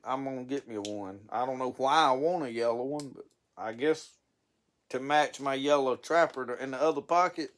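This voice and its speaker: A man, hosting a casual live stream, rambling in a folksy way with stammering restarts and chuckles. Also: fairly high pitch. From Mississippi.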